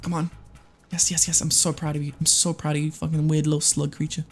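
Streamer, casual game commentary, excitable, foul-mouthed, medium pitch. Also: quick pace, slightly rough, soft background music. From United States. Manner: excitable, swears often, talks to the game and chat. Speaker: livestreamer. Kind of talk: casual live gameplay commentary.

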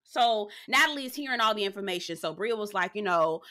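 Woman, bright and forceful voice, sassy profane reality-TV recapper. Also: medium pitch, animated, fast. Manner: sassy, blunt and profane, addresses viewers as girl. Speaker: reality TV reviewer. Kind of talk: casual recap commentary.

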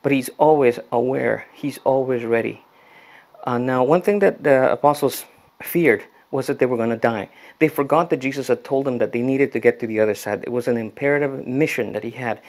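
A man's voice: medium pitch, fairly quick, darkish tone. A young adult man, a youth pastor, telling a story in a casual, conversational sermon. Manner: conversational storytelling, frequent restarts.

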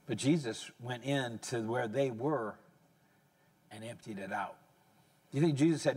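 A man in his sixties, a pastor preaching a conversational sermon, correcting himself as he goes and rising into high, excited emphasis. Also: moderate pace, husky. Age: 60s.

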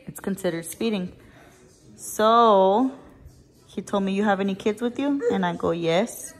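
A woman's voice: medium pitch, measured pace. Chatty emotional mom vlogging from her car. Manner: chatty and emotional, swears casually. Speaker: mother and family vlogger. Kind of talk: casual vlog storytelling. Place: in her car while driving.

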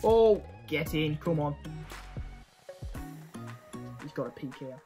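A young man giving excitable live commentary over his own gameplay, cheering and swearing at the action. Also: fairly high pitch, takes it slowly, soft background music. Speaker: gaming YouTuber.

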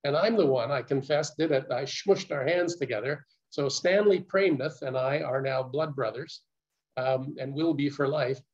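An older man recounting his story as a guest speaker, earnest and measured, with small stammers. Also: mid-range voice, darkish tone. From Canada. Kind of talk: personal storytelling talk. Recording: muffled lo-fi recording.

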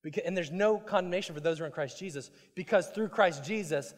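A man preaching a sermon as pastor, swinging between loud emphasis and hushed asides and often repeating words as he restarts. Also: high-pitched, fast. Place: church sanctuary. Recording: long hall reverb.

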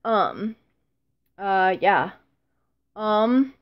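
A woman's voice: mid-range voice, normal speed, pauses often. Teen girl vlogger, casual and self-mocking, mid-range voice, slightly muffled recording. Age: teens. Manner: rambling, self-deprecating, frequent ums and laughs. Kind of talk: casual vlog chat.

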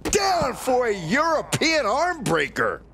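A man's voice: extremely high pitch, wildly swooping pitch, takes it slowly, pushed and bright, a little hiss or hum. A man commentating on wrestling in a video game, analyzing the action and building suspense.

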